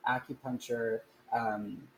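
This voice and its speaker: A man's voice: mid-range voice, little pitch movement, slow pace, gravelly, slight background noise, rough recording. A man talking as a podcast guest, earnest and rambling, with many fillers and restarts. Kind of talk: casual chat.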